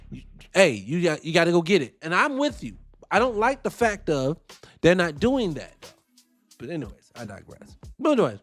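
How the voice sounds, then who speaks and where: A man hosting a wrestling podcast, giving blunt, profane opinions in casual commentary and answering his chat. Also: sits high. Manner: animated, blunt, profane, talks back to chat.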